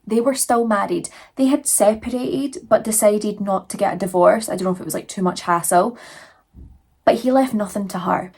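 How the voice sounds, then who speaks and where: Woman, casual true crime narration, chatty, viewer asides, mid pitch. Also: moderate pace, a little mellow.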